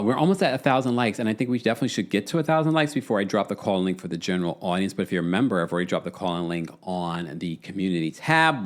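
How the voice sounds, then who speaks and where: A man hosts a live recap stream, chatting loosely and reading out viewer messages. His pitch swings widely as he jumps into playful quoted voices. He laughs easily between points. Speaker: podcast host.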